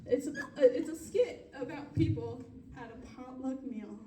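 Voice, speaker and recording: A high-pitched young woman performs stand-up, telling long self-deprecating stories in a mellow, soft-edged tone. She laughs at her own lines as she goes. Her voice sounds distant and echoey, as if picked up from across the room. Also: lively intonation, unhurried, slight background noise. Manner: rambling, self-deprecating storytelling with frequent laughs. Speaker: stand-up comedian. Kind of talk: stand-up comedy set.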